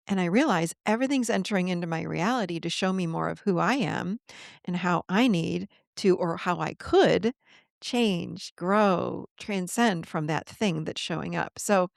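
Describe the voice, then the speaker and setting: A woman's voice: on the low side, creaky, dry recording, clean studio sound. A woman guest on a podcast interview, talking earnestly in a coaching manner and acting out the voices of the people she quotes.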